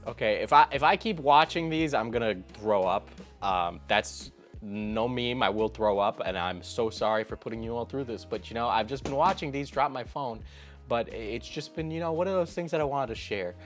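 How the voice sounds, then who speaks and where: A man's voice: mid-range voice, animated, normal speed. Young guy ranting sarcastically over a reaction video, faint music behind. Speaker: YouTube commentator. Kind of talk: comedic reaction commentary.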